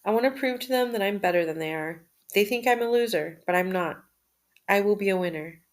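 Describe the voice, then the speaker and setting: A woman reading a personal journal aloud in the first person, at a steady, measured pace with occasional restarts. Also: mid-range voice.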